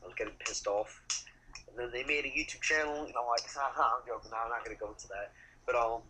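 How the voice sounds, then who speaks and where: A man being interviewed as a guest, talking in a rambling, halting way and swearing casually. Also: mid-range voice, bright, forceful tone, slight background noise, rough recording. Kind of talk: casual chat.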